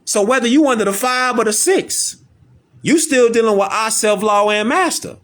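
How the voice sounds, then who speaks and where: Here an online commentator with a very high-pitched, slightly bright voice speaks at a moderate pace. His monologue is casual, slangy and streetwise, and he repeats himself while firing off rhetorical questions.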